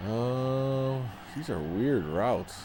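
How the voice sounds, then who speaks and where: A man with a Chicago accent commentating casually as he plays a football video game, chatty and relaxed as he reacts to plays and viewers. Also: mid-range voice, very slow, a little hiss or hum. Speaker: gaming channel host.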